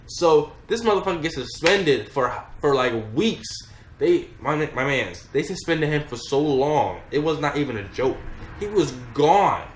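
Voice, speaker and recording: A man's voice: on the high side, lively intonation, unhurried. A young man telling a rambling, profane story in a casual storytime vlog. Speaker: vlogger. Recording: echoey room with faint noise.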